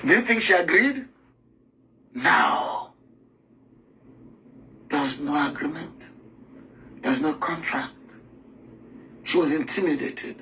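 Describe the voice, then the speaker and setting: A man's voice: a little high, animated, slow pace, long pauses, pushed and bright, far from the mic, a little hiss or hum. A man teaches about contracts in a spoken lesson, firing rhetorical questions and acting out little scenes.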